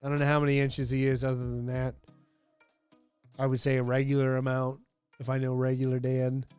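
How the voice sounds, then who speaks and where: A man's voice: mid-range voice, monotone, brisk, darkish tone, smooth, faint music behind. A man hosting a comedic wrestling review, talking casually and sarcastically with lots of fillers. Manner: rambling, sarcastic, many fillers, laughs often. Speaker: host.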